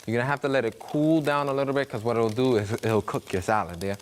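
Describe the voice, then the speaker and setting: A man's voice: medium pitch, quick pace, a little hiss or hum. A man from Brooklyn with a Brooklyn accent, hosting a cooking demonstration in a chatty, joking way with food sizzling behind him. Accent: New York (Brooklyn). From Brooklyn, New York. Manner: chatty, jokey storyteller, acts out voices in anecdotes. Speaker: cooking show host. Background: food sizzling in a pan.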